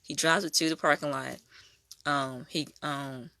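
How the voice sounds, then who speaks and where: Young woman sharing her testimony, bright gravelly voice, animated storytelling, real casual. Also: low-pitched, a little slow, no room sound.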